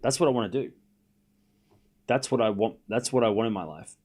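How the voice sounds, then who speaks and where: A young man hosting a live tennis watchalong stream, chatting casually and excitedly repeating the score as points are played. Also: lowish voice, fairly quick. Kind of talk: live casual play-by-play commentary.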